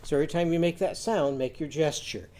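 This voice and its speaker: A man's voice: a little high, fairly quick, mellow. A man teaching a children's literacy lesson, singing simple chants and leading the class in call-and-response.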